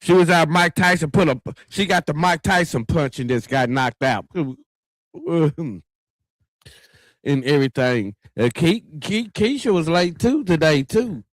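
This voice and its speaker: A man's voice: fairly high pitch, animated, a little slow, no echo. Guy hosting a live talk show, laid back and chatty, keeps talking to the viewers, dry sound. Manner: chatty, folksy, keeps addressing viewers as y'all. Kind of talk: casual livestream show hosting.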